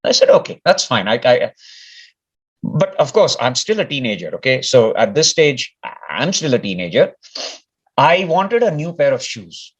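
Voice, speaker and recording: A man's voice: mid-range voice, big pitch swings, moderate pace, slightly rough. A man from India telling a personal story in casual talk, rambling and often restarting his words. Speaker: speaker sharing a personal story. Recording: dull lo-fi recording.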